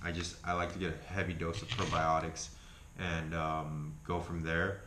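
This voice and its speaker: Casual male vlogger, Argentine accent, very low voice, loose and profane, echoey room with faint hiss. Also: flat delivery, moderate pace. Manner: rambling, swears freely, self-correcting. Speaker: health food vlogger. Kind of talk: casual chat review.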